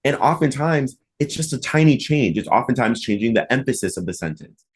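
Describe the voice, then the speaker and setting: A man hosting a podcast, talking casually with lots of "like" fillers and animated emphasis. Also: medium pitch, brisk, slightly rough. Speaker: podcast host and mock trial coach.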